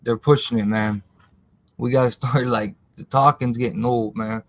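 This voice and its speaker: A man's voice: medium pitch, steady tone, moderate pace, no echo. A man hosting a live stream in casual, slangy talk, rambling and answering viewers in the chat by name.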